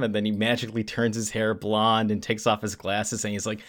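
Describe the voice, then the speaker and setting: A man co-hosting a casual podcast, retelling a comic plot and acting out the characters' lines in quick bursts. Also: on the low side, level tone. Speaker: podcast co-host.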